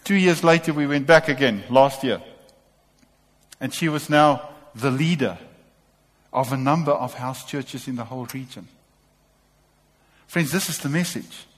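A man's voice: medium pitch, unhurried, pauses often, long reverb tail. A man preaching a sermon to a congregation, impassioned and repeating short calls to take courage.

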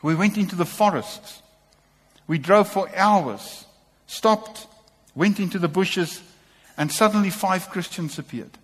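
A man preaching with passion, hammering home short exhortations between stories. His voice sits a little high for a man. It rings with a long reverb, as in a large hall or church. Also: unhurried, a bit bright, husky. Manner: impassioned, repeating short exhortations. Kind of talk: sermon.

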